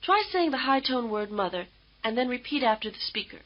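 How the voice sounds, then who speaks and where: A woman instructor giving measured, patient, scripted explanations in a language lesson. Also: a little high, lively intonation. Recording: dull lo-fi old course tape.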